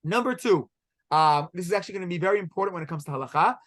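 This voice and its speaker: In a classroom halacha lecture, a middle-aged rabbi fires questions at students with energy and says Hebrew words with an Israeli accent. His high voice is expressive and a bit bright, and he races along.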